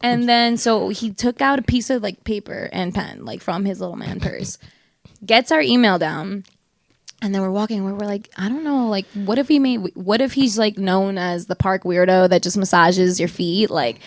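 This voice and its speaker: A woman's voice: medium pitch, moderate pace, no echo, clean studio sound. A young woman co-hosting a podcast, telling a story in casual chat, acting out quotes and laughing often. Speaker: podcast co-host.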